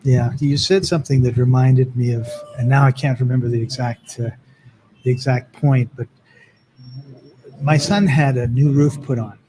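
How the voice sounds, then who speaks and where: A man's voice: mid-range voice, steady tone, normal speed, warm tone, a little hiss or hum, rough recording. A middle-aged man hosting a casual podcast conversation, telling stories in a chatty way full of "like" and "right?". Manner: chatty storyteller with many "like" and "right?" fillers.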